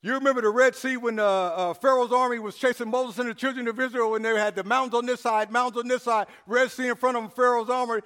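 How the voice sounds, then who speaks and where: A man delivering a sermon, repeating phrases for emphasis, stammering with fillers and building to shouts. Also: very high-pitched, steady tone, fast, hardly any pauses, smooth, long reverb tail. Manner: repetitive call-and-response preaching, rising to shouts; frequent stammers and filler sounds. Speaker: preacher.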